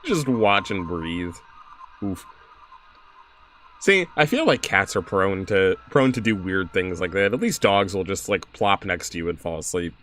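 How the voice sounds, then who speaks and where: A man's voice: low voice, expressive, measured pace, fairly bright tone. A young man streaming a game, chatting casually, laughing often and reading on-screen text aloud.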